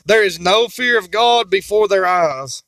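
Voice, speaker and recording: A man's voice: sits high, animated, unhurried, bright, forceful tone, no echo. A male preacher delivering an emphatic, repetitive sermon that quotes King James scripture. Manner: voices imagined objections in a mocking tone.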